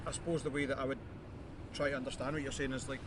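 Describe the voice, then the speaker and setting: Scottish male guest, mid-pitched voice, relaxed and thoughtful delivery, casual podcast talk, faint noise behind. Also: very fast. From Scotland. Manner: easygoing, thoughtful, occasional swearing. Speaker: guest band guitarist. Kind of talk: casual interview chat.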